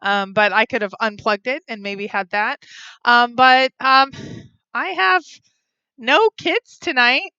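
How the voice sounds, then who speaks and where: A woman's voice: a little high, takes it slowly, pushed and bright, smooth, dry recording, lo-fi sound. A woman hosting a casual live stream, chatting and giggling with many ums while she reads viewer comments aloud into a phone or webcam mic. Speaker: vlog host reading live chat.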